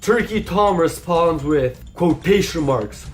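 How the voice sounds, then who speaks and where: High-voiced sarcastic young commentator. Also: male voice, lively intonation, unhurried, faint music behind. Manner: sarcastic, profane, mocking impressions. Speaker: commentary YouTuber. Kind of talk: YouTube drama commentary.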